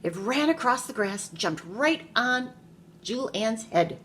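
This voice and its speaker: In a classroom, a woman who teaches preschool brings a picture book to life for young kids, asking them questions along the way. She speaks slowly in a voice on the high side, and there's slight background noise.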